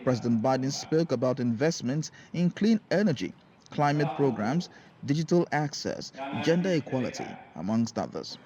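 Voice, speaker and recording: A man reading a scripted news report voice-over in a steady, formal way. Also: mid-range voice, moderate pace, a crowd in the background. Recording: dry, slightly dull studio voice-over.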